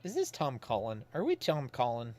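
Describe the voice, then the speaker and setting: A man hosting a horror podcast stream, chatting casually as he plays a game and reads its text aloud. He muses out loud about the story as it unfolds. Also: medium pitch, wildly swooping pitch, normal speed. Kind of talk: casual let's-play chat.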